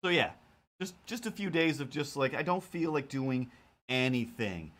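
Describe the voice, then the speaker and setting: This man, a cartoonist who live streams, chats in a loose, rambling way, tossing in plenty of fillers and playful quotes of what he was thinking. His voice is mid-range and fairly bright, with lively intonation at a normal speed.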